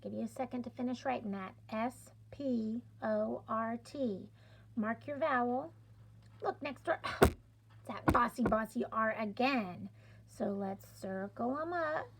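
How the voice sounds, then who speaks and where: A middle-aged woman teaching a phonics lesson, sounding out letters and stretching words clearly in an encouraging classroom manner. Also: fairly high pitch, expressive, normal speed. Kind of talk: slow, deliberate classroom instruction.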